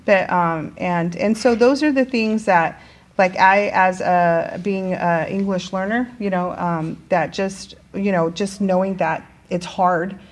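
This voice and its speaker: A woman's voice: medium pitch, steady tone, slow pace. Middle-aged woman, teacher, casual chatty delivery, lots of fillers and self-corrections. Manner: chatty, many fillers and restarts. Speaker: teacher and guest. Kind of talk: casual conversation.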